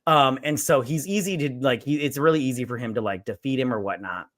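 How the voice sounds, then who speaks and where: A man's voice: medium pitch, fast talker, a bit bright. A man co-hosting a casual movie podcast, rambling through the plot, swearing and laughing as he quotes the characters. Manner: rambling, retells scenes in quoted voices, swears, laughs often. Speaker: podcast co-host. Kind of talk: casual drunk movie recap.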